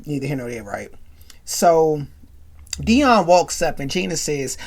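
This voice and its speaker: Speaking low and measured, with frequent pauses, a woman hosts a casual podcast recap of an episode. Her commentary rambles, stays animated, and is full of asides.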